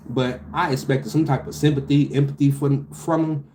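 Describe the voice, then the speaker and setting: A man, animated and profane, telling a story about his delivery job with loud outbursts. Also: medium pitch, moderate pace, a little hiss or hum. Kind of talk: casual storytelling vlog.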